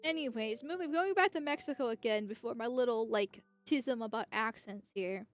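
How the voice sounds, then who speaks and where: A woman's voice: a little high, moderate pace, soft background music. A young woman from the United States talking casually on a livestream, rambling and chatty with lots of restarts and laughs. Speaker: political streamer.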